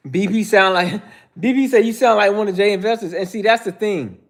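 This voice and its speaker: A man hosting a livestream, giving blunt, joking commentary and shouting out viewers in the chat. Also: high-pitched, a little fast. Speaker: host.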